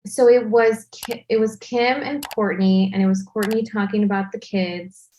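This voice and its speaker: A woman's voice: medium pitch, steady tone, normal speed, dark tone, a little hiss or hum. A young woman, a content creator, chatting as an interview guest with a Valley girl way of talking and lots of "like". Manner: Valley girl speech, many "like" fillers. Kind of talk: casual interview chat.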